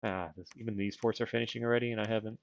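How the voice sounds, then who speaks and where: A man's voice: on the low side, steady tone, rapid-fire, creaky, muffled recording. A man livestreaming a strategy game, chatting casually and thinking aloud in a rambling, self-deprecating way while wearing dental retainers. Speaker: streamer.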